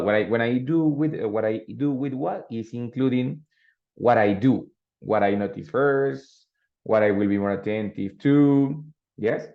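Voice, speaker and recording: A man teaching an English class, explaining grammar with frequent tag questions like "right?" and "ready?". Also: mid-range voice. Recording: dull lo-fi audio.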